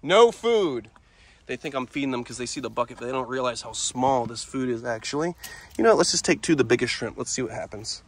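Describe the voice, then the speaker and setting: Excitable man feeding animals outdoors. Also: medium pitch, fast talker, slight background noise. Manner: excitable, laughing, talking to animals with sudden loud outbursts. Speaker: wildlife park owner and vlogger. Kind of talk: casual vlog narration while feeding animals.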